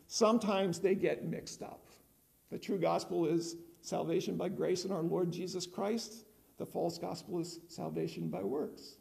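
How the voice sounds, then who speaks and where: A man's voice: high voice, vocal fry, dark tone. An older man preaching a conversational sermon as pastor, often asking the congregation questions.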